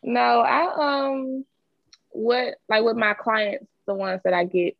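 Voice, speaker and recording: A woman's voice: a little high, slow pace, vocal fry, no echo, muffled recording. A woman advising on credit in casual chat, explaining steps plainly.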